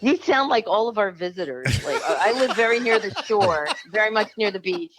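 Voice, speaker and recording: A woman's voice: mid-range voice, expressive, a little fast, background noise. A woman with a southern central New Jersey accent, a podcast guest chatting casually, laughing often and swearing playfully. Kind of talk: casual chat.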